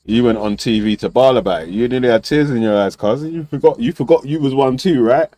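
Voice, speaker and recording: A man's voice: mid-range voice, fast, dark tone, low-quality recording. A young man hosting a casual panel debate, full of slang, laughing often and mimicking people. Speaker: debate show host.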